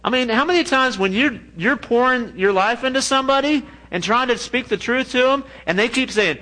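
A man preaching a sermon in a lively, joking way, often laughing at his own asides. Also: very high voice, brisk, few pauses, poor audio. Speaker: pastor.

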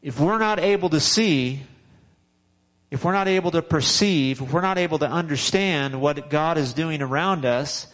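Guy preaching a sermon, chatty, keeps repeating himself, voice a bit on the high side. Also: fairly bright tone, rough recording. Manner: conversational, repetitive, chuckles and restarts often. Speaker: pastor.

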